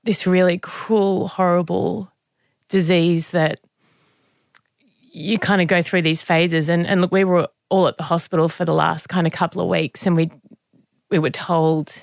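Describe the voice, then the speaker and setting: A woman, a podcast guest talking through a personal memory in a reflective, halting way with many restarts. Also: fairly low pitch, little pitch movement, creaky, dry recording, clean studio sound. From Australia. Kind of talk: candid conversational interview.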